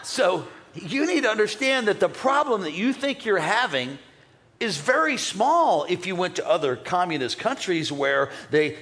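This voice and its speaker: High-voiced, energetic male pastor. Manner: energetic, playful, calls out to the congregation. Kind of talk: sermon.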